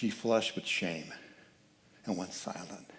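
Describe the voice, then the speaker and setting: A man giving a sermon as guest speaker at a church, telling a story with lively changes of voice. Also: low voice, slow pace. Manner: animated storyteller, acts out quoted voices. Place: church sanctuary.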